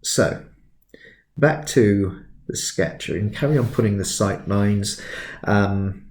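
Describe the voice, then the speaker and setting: A man in his fifties talks through a sketching lesson in a slightly low, easygoing voice, wandering into little anecdotes and joking at his own expense. The room around him gives a noticeable echo. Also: takes it slowly, darkish tone, slight background noise. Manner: chatty, digressive, self-deprecating. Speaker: art tutor. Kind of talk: relaxed sketching tutorial with anecdotes.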